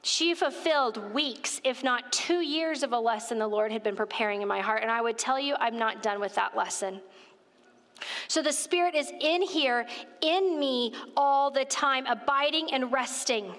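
High-voiced woman preaching in a hall. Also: moderate pace. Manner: animated, conversational, addresses listeners directly. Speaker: women's ministry speaker. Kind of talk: storytelling sermon. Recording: reverberant hall.

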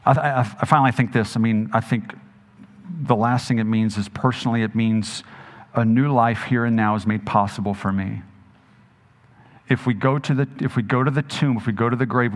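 A male pastor preaching a sermon in a conversational, animated way, asking his listeners questions and repeating words for emphasis. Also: medium pitch. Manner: conversational, asks the audience questions.

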